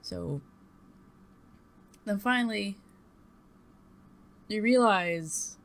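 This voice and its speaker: Here a young vlogger at home shares a personal story with her webcam, hesitant and rambling, blunt and occasionally swearing. Her mid-range voice has lively intonation but a slow pace and frequent pauses, picked up by a desktop USB mic with a slight hiss or hum.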